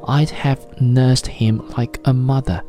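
A man voicing a bitter, vindictive betrayed wife who speaks quickly with little gasps and a trembling voice. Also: mid-range voice, steady tone, music in the background, pitched above the performer's own voice, lightly acted.

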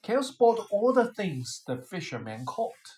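A woman reading a children's picture book aloud, with expressive, animated storytelling. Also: medium pitch, measured pace. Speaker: storybook reader.

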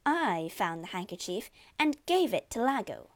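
A woman's voice: medium pitch, very animated, unhurried. A woman reading as a blunt, fierce maidservant. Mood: fading. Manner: blunt, wailing, indignant. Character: outspoken loyal maidservant, fierce. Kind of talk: storybook reading.

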